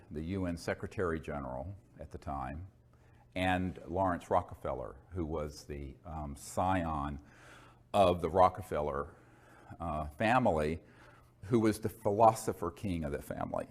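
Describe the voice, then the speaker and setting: A man telling a long personal story in a rambling, digressive way, full of asides and fillers. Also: low voice. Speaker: speaker recounting experiences. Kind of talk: conversational storytelling monologue.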